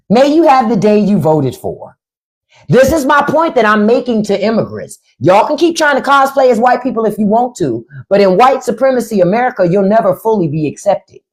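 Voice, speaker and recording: A woman's voice: mid-range voice, a little mellow. A woman hosting a livestream, talking in a blunt, profane and sarcastic way. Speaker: livestream and podcast host. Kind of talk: unscripted livestream commentary.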